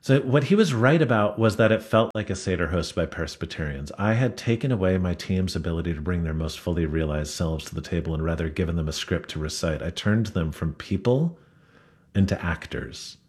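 A man's voice: low voice, expressive, brisk, a little mellow. A man guesting on a radio interview, telling reflective stories about running a restaurant. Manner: reflective, storytelling. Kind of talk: interview conversation.

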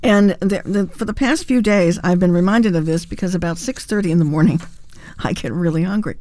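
A woman's voice: lowish voice, brisk, no room sound, studio quality. A woman hosting a morning classical music radio show, telling a chatty anecdote with light humor. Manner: warm conversational storytelling with light humor. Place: radio studio. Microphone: studio microphone.

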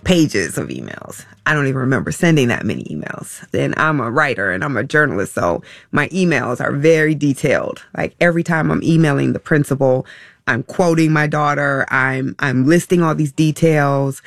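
A woman, a writer and journalist, talking haltingly in an interview with many fillers and restarts, as she recalls emotional memories. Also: a bass voice, expressive, vocal fry, no echo, studio quality. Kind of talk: reflective personal interview.

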